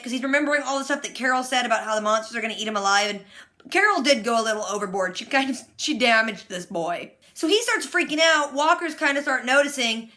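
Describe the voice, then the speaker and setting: A woman giving a casual, animated recap of a TV episode in slangy, excitable storytelling. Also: high-pitched. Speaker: TV reaction host.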